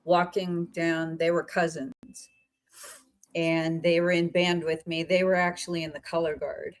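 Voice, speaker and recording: A woman podcast host from central Pennsylvania, telling a story in a chatty, meandering, animated way over a remote call. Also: on the low side, unhurried, poor audio. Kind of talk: casual storytelling chat.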